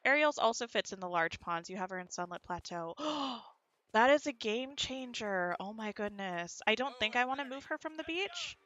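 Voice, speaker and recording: A woman's voice: on the high side, animated, normal speed, hardly any pauses, fairly bright tone. A woman streamer with a neutral American accent, chatting casually while playing a game and answering her chat, her sentences often rising at the end. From United States. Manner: rising inflection at sentence ends.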